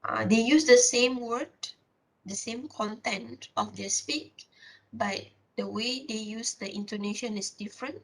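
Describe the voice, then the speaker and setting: A woman giving a classroom lecture, explaining step by step with many filler pauses and restarts. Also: on the high side, poor audio.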